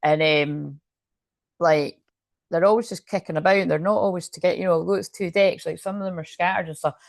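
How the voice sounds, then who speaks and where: A woman's voice: fairly low pitch, fairly even intonation, fairly quick, gravelly, dry recording, studio quality. A woman with a Scottish accent giving a rambling, chatty tarot reading to her viewers from her room at home, swearing freely as she talks. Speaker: tarot card reader.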